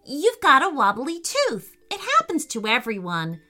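A woman's voice: high voice, wildly swooping pitch, measured pace, pushed and bright, soft background music, pitched above the performer's own voice, heavily acted. Woman voicing an earnest, kind young boy. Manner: earnest, concerned.

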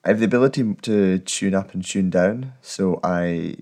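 A Scottish man in his thirties, a guest talking in a thoughtful, articulate and steady way in a casual interview. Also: deep voice, moderate pace. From Scotland. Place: at home.

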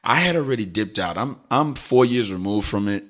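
A middle-aged man with a lowish voice tells a story from his school in a relaxed, chatty way. He slips into his coworkers' voices as he acts out what they said. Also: moderate pace. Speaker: podcast host, teacher. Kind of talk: casual storytelling chat.

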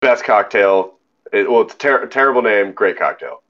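A man co-hosting a podcast, telling an animated story in casual chat and swearing freely. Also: lowish voice, normal speed, highs cut off. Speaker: podcast co-host.

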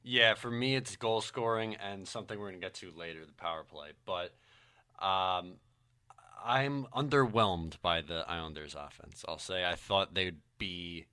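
A man co-hosting a casual sports podcast, talking in a measured, analytical way. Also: lowish voice, sharp tone, smooth, no room sound. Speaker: podcast co-host.

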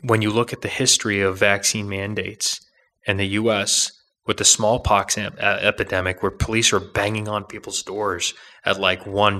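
A young man hosts a political podcast, his voice low, bright and forceful. He rambles through an opinionated monologue, restarting, arguing and throwing in asides in a combative way.

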